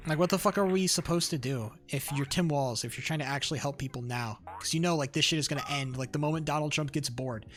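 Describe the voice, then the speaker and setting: A young man talks on a livestream in a somewhat high voice, ranting with heat and swearing freely. He trips over restarts and fillers as he goes. Faint music plays behind him. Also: fast, hardly any pauses, a bit bright. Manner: rambling, heated, many fillers and restarts, swears. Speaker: streamer. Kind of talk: casual livestream rant.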